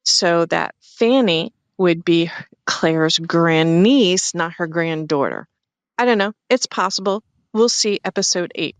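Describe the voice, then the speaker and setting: A woman's voice: lowish voice, slow, no echo. A woman from New Jersey leaving a friendly, chatty voicemail for a podcast. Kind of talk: recorded voicemail message.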